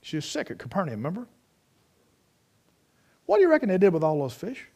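A man preaching a sermon, swinging from loud ringing peaks to low, quiet storytelling. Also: huge pitch swings, brisk.

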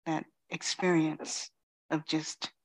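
A middle-aged woman from Queens giving a reflective dharma talk as a Zen teacher, pausing often and saying "you know". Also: low voice, level tone. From Queens, New York City. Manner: slow, reflective, many pauses and "you know".

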